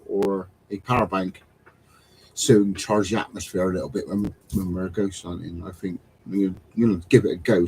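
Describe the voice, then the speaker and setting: A man's voice: deep voice, darkish tone, husky, rough recording. A man chatting casually on a live stream about ghost hunting gear, self-deprecating and full of restarts. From England. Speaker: paranormal investigator on a live stream chat.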